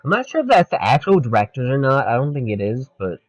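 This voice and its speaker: A man's voice: medium pitch, huge pitch swings, quick pace, no echo, poor audio. A man co-hosting a podcast, chatting casually and profanely about a comedy film while quoting its lines. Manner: loose and profane, quoting lines in mock voices. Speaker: podcast co-host. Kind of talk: casual movie review chat.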